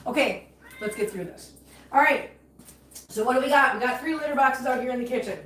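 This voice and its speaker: A woman hosts a casual livestream from her home kitchen, talking as she cleans. Her voice sits a little high, and she repeats herself for emphasis while holding back tears. The room gives her voice a roomy echo, with faint noise behind her. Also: fairly quick, fairly bright tone. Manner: chatty, emphatic, repeats herself when upset. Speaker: cat channel livestream host.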